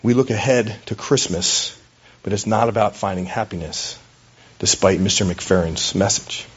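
A man delivers a sermon in a relaxed, storytelling way, with small hesitations along the way. His voice sits low and sounds a little husky. The recording is dull and lo-fi. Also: normal speed. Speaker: pastor.

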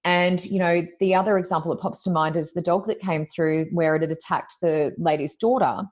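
A woman's voice: fairly low pitch, a little fast, a little mellow. A woman, a psychic medium, chatting in an interview with many fillers, acting out what people said. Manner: chatty, lots of "you know" fillers, acts out quotes. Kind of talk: casual interview storytelling.

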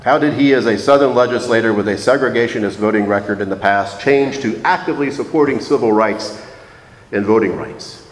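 A man preaching a reflective, measured sermon, slowing down to stress key phrases. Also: on the low side, a little hiss or hum. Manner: measured, reflective, slows for emphasis. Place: church sanctuary. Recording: echoey church hall.

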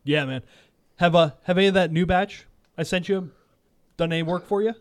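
A man's voice: high-pitched, a little fast. A man hosting a podcast, asking playful, joking questions in a casual interview.

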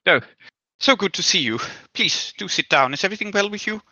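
Guy doing a polite scheming gent, super bright sharp voice, stops and restarts a lot, dry dull-ish mic. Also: sits high, expressive, fairly quick, no room sound, exaggerated voice. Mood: courteous. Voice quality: formal and courteous, with hesitant restarts. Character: polite, scheming man making a grave request. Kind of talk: role-playing a character in a tabletop game.

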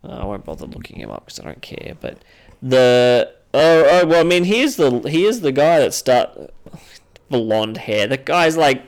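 A man with a middling voice trading casual comic banter on a podcast. He throws in wry, deadpan asides and quick interjections. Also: medium pitch. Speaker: podcast co-host.

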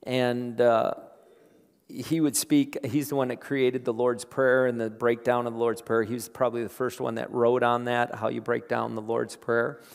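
A man preaching a sermon. He repeats his phrases and builds from quiet talk to loud, emphatic preaching. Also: medium pitch, flat delivery, normal speed, creaky, smooth. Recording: long hall reverb.

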